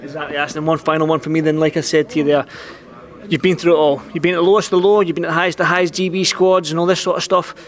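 A man interviewing a boxer, asking his questions quickly and tripping over restarts as he goes. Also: fairly high pitch, little pitch movement. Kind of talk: sports interview.

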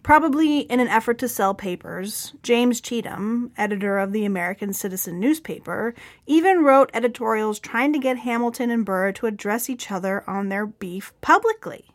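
Lively woman narrating history. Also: fairly high pitch, normal speed. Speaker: podcast co-host. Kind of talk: scripted history narration with banter.

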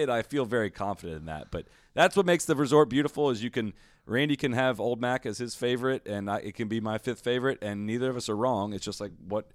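A medium-pitched male co-host on a golf podcast shares strong opinions in casual conversation, recorded in a clean studio with no echo. He talks in quick bursts packed with fillers.

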